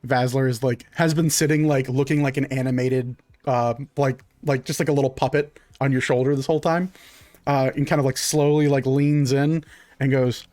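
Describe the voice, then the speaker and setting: A man's voice: medium pitch, steady tone, normal speed, darkish tone, no room sound. Casual man running a tabletop game. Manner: casual, heavy with likes and uhs. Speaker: game master.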